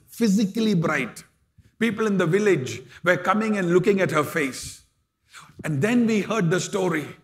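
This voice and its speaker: A man with an Indian English accent, a pastor telling a story in a sermon, emotional and acting out the voices of the people in it. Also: high-pitched. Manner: emotional, acts out quoted voices, rises to loud exhortation. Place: large church hall.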